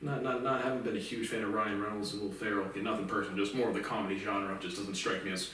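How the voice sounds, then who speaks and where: A man's voice: lowish voice, steady tone, fast, a bit bright, slight background noise. Profane rambling man in an echoey room. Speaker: podcast host. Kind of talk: casual solo monologue. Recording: echoey room, mic at a distance.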